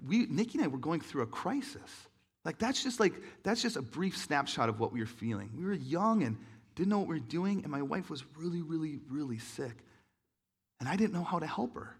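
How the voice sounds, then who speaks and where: A man's voice: a little high, breathy edge. A man in his thirties telling a personal story in an earnest, emotional sermon, with many restarts and fillers.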